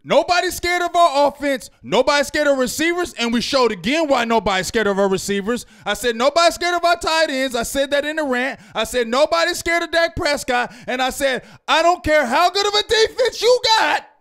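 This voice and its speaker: A fan-show host with a strikingly high voice, ranting in a loud, fired-up way. He keeps repeating himself and breaks into yelling. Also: expressive, a little fast, hardly any pauses. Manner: loud, fired-up, repetitive, yells at times. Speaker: sports reaction show host. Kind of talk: heated fan rant.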